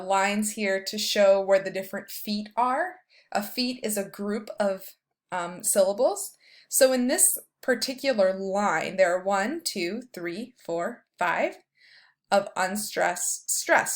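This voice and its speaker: A woman professor records a lecture over her slides, speaking at a mid-range pitch. She explains in a loose, casual way with plenty of fillers, as if talking straight to her students. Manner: reads verse slowly, stressing each beat.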